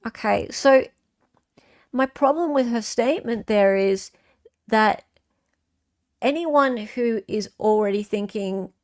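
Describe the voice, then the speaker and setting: A woman's voice: fairly high pitch, takes it slowly, long pauses, a little mellow. A woman hosting a casual livestream, reading viewer comments aloud and answering them in a chatty way with frequent fillers. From Australia. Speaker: livestream host.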